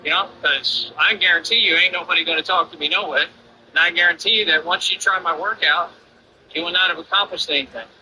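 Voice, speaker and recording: A man's voice: sits high, brisk, music in the background, low-quality recording. A man streamer ranting defiantly and boastfully over his gameplay. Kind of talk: livestream rant over gameplay.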